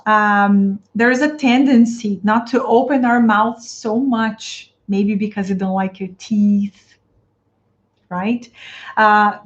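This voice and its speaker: A woman from Brazil with a Brazilian Portuguese accent, coaching English teachers in a live stream. She answers viewer comments, talks straight to the audience and repeats her phrases. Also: a little high. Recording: dull lo-fi stream audio.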